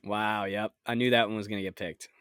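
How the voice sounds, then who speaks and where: A man's voice: on the low side, flat delivery, brisk, a bit bright, smooth, no echo, studio quality. A man co-hosting a podcast, chatting in a laid-back way, chuckling and swearing casually. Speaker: podcast co-host. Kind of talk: casual chat.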